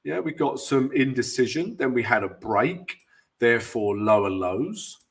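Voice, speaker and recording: A man with a cold hosting a live trading stream, chatty and upbeat, greeting viewers by name and adding self-mocking asides while walking through charts at his desk mic. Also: mid-range voice. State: has a cold. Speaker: forex trading host. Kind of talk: livestream trading talk and chart walkthrough.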